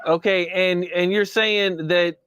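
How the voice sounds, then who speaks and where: A man interviewing a guest, asking steady prompting questions and reading out documents. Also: sits high, slow pace, clean tone.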